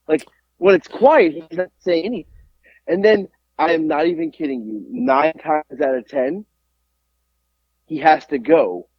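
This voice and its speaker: A man co-hosting a podcast, sounding stuffy from allergies and rambling through animated stories in casual chat. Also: on the high side, no echo, dull audio. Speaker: podcast co-host. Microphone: podcast mic.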